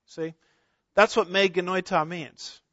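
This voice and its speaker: A man's voice: high voice, fairly even intonation, measured pace, bright, forceful tone, dry recording. A middle-aged man preaching an expository sermon, emphatic, asking rhetorical questions and stressing single words. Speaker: pastor. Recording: dull lo-fi sound.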